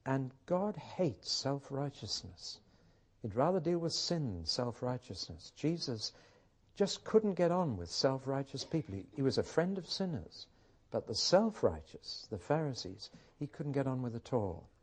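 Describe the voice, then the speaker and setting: A man's voice: medium pitch, a little mellow. A man teaching a Bible study, building points through rhetorical questions and personal stories. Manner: emphatic, rhetorical questions, storytelling. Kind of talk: teaching talk with anecdotes.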